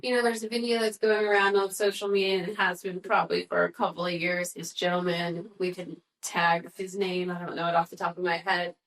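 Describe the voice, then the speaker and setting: A woman's voice: lowish voice, level tone, a little fast, few pauses, a bit bright, rough recording. A woman co-hosting a podcast in casual conversation, speaking firmly and earnestly and often listing things one after another. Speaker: podcast co-host.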